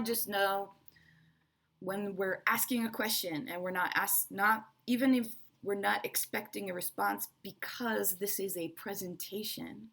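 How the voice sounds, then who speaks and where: A woman whose mid-range voice sounds gravelly and a little bright explains English presentation skills to viewers online. Going one step at a time, she keeps restating the main ideas and tags them with "right?" and "okay."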